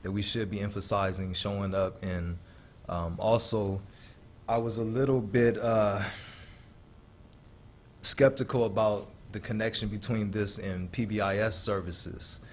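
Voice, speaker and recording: A man chairing a school board meeting, brisk and procedural. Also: lowish voice, steady tone, a little hiss or hum.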